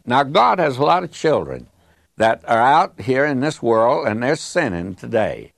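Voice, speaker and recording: A man's voice: medium pitch, big pitch swings, moderate pace, vocal fry, no echo, studio quality. Folksy male radio Bible teacher. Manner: folksy storytelling, digressive.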